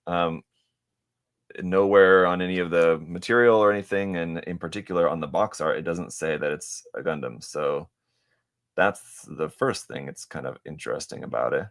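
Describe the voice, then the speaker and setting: A man with a deep, low voice hosts a casual live stream and talks while he builds a model kit. His speech wanders, full of fillers, restarts and side comments. Every so often he drops into mumbling to himself over his hands. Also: normal speed, a bit bright. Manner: rambling and hesitant, many fillers and restarts; mutters to himself while working. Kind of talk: casual live-stream chat, answering viewer questions.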